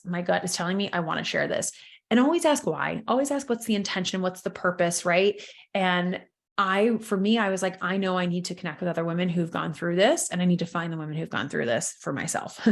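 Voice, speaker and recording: A woman, hosting her own podcast and talking openly and emotionally about her business and personal life. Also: vocal fry. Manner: candid and emotional, lively pitch swings. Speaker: podcast host, business coach. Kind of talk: casual solo podcast talk.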